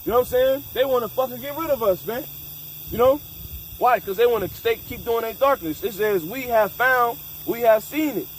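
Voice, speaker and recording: A man's voice: very high-pitched, normal speed, slight background noise, low-quality recording. A man leading a casual scripture discussion, emphatic and profane, mixing street slang with Bible reading. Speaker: scripture study leader.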